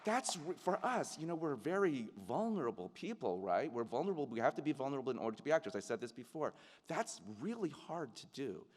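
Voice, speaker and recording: A middle-aged man giving an earnest, reflective commencement keynote to graduates, often restarting his sentences and pausing on fillers. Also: medium pitch, big pitch swings, some chatter behind. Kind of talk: speech to graduates. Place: large ceremony venue. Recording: long hall reverb.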